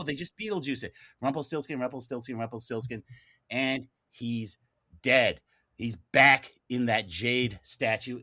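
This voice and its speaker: A man's voice: on the high side, fairly bright tone. A man arguing the prosecution's case on a podcast in an exasperated, profane rant. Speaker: prosecutor in a mock movie trial. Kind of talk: casual podcast debate.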